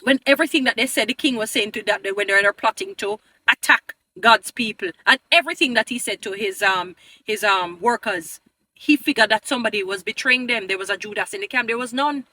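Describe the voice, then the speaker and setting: Fairly high-pitched and bright, this vlogger's forceful voice runs a little fast as she pleads her opinions to viewers. Her commentary is emphatic, often slides into preachiness, and she calls her audience "beautiful people."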